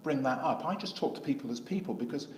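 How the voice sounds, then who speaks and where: Middle-aged English man, candidate in a street interview, rambling storyteller, mid pitch, roomy echo. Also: expressive, fast talker, a little mellow, a little hiss or hum. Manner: rambling, acts out dialogue in anecdotes. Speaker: independent election candidate. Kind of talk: interview answers.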